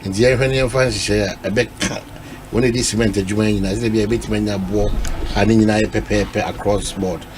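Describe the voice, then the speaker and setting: A man's voice: lowish voice, fairly even intonation, a little fast. Man with a noisy background. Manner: questioning, mixes Twi and English. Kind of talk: radio panel discussion.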